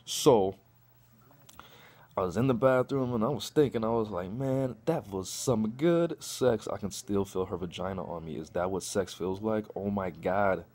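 A man's voice: low voice, moderate pace. A young man telling a crude personal story in a profane vlog rant, acting out what people said. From Chicago. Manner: profane, animated, acts out quotes. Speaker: vlogger.

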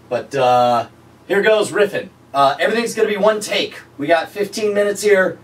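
A man chatting casually on an indoor video set, relaxed with fillers and laughs, recorded from a distance. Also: high voice, measured pace. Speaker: performer and host recording lines. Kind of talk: casual setup talk on a video shoot. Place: indoor video set under studio lights.

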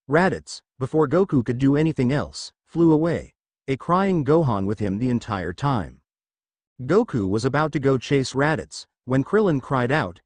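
A man narrating a fan-fiction story in a steady reading voice. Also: medium pitch, moderate pace, no echo.

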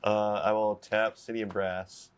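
A man with a British accent playing a card game in casual chat, brisk and matter-of-fact. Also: lowish voice, level tone, over a noisy crowd.

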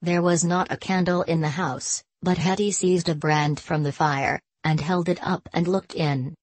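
A woman with a low voice narrates a storybook tale in an even, measured way. Her delivery is steady and the recording is dry and close. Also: dry recording.

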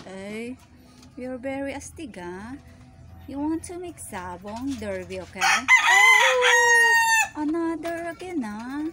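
Woman vlogger for backyard animal-chat clips: slow, singsong delivery, fussing over her pets, roosters crowing loudly behind her. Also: heavy background noise. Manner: coos and fusses at her animals, with sudden high squeals. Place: outdoor backyard with chickens.

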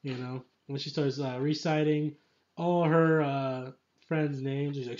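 A man's voice: a little high, steady tone, unhurried, darkish tone, highs cut off. A man giving a casual, enthusiastic film review, rambling with lots of filler phrases. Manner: enthusiastic, rambling, full of "you know".

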